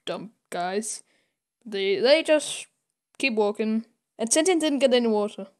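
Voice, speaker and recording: A young woman recaps a comic on a podcast in an unhurried, stop-and-start way. Her voice sits a touch high, and she fills the gaps with ums. She drops into the characters' lines as she tells the story. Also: expressive, a little mellow. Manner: halting, full of ums and laughs, acts out characters' lines. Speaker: podcast co-host. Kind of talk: casual comic retelling.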